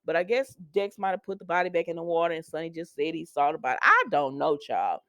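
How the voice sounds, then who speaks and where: A woman with a slightly low voice talks through a soap opera episode in an easygoing, informal way, often turning aside to talk straight to her viewers. The sound is dry and close, with no room echo. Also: quick pace, fairly bright tone. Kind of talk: casual episode recap.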